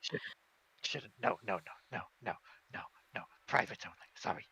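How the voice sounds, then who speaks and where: A man's voice: fairly low pitch, lively intonation, normal speed, gravelly, bright, forceful tone, husky, pitched below the performer's own voice, exaggerated voice. A man voicing a jittery black-furred tabaxi shopkeeper obsessed with fire, who repeats his words. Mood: refusing. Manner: repeats words, manic and fretful.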